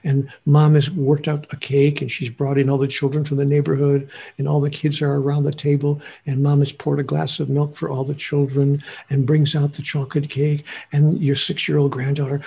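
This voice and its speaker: A man's voice: fairly high pitch, fairly even intonation, normal speed, warm tone. A man acting as a spiritual teacher, telling a story and stressing points with emphatic repetition. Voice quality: husky, gravelly. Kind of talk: lecturing in conversation.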